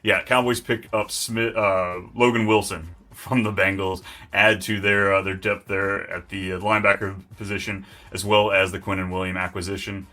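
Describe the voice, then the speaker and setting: A man hosting a live fantasy football stream, talking in an excitable, hyped and rambling way. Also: low voice, moderate pace, hardly any pauses. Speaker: host.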